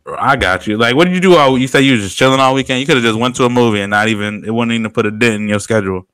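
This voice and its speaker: Young male co-host, bright and smooth voice, animated slangy banter. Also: medium pitch, very fast, no room sound. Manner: animated, laughs often, slangy. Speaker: podcast co-host. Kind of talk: casual podcast banter.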